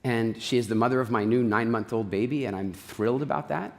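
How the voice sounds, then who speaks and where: A middle-aged man speaks from a stage in a large hall, with a long reverb trailing each phrase. He tells stories with animation and acts out quotes. He also slows down and guides his listeners through relaxation. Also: mid-range voice, vocal fry. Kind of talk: motivational stage talk.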